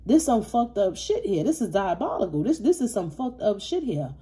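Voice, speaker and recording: A woman's voice: medium pitch, sing-song, normal speed, warm tone, breathy edge. Blunt, profane woman tarot reader. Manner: blunt, profane, repetitive and emphatic. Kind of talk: casual collective tarot reading.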